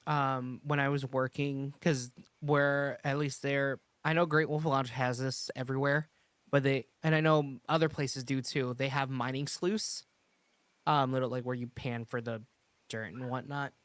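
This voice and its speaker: A man's voice: mid-range voice, steady tone, unhurried, a bit bright, clear, resonant tone, dry recording. A man chatting casually on a podcast, rambling through a work story with many restarts. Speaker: podcast host. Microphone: streaming studio mic.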